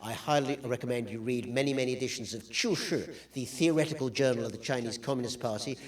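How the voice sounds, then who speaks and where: A guest lecturer speaks to an audience from slides, mixing dry, wry humor with plenty of hesitant fillers. His voice sits at an ordinary middle pitch for a man, he talks quickly, and he sounds set back, far from the microphone.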